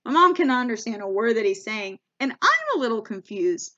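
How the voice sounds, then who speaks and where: A young American woman with a fairly high voice spins a comic travel story and jumps in and out of the voices she quotes. She trips over her words and restarts often. The recording sounds slightly dull and lo-fi. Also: a little fast, noisy background. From United States. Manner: animated, acts out quoted voices, frequent restarts. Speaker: comedian.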